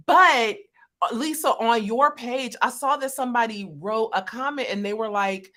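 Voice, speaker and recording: A woman's voice: on the high side, moderate pace. Laughing woman co-hosting a stream. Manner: laughs often, animated. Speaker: co-host. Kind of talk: casual livestream discussion. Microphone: video call.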